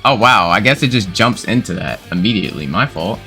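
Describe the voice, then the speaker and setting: A man's voice: low-pitched, expressive, fairly quick, pushed and bright, faint music behind. A man casually recounting an online game argument in a laid-back, slangy way, calling the listener "bro.". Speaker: gaming video creator. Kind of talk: casual storytelling commentary.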